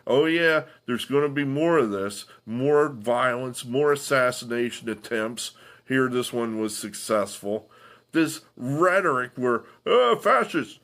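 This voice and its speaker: Man, unhurried delivery, halting restarts, sighs, solo commentary. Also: mid-range voice, fairly bright tone. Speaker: political commentary host. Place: home.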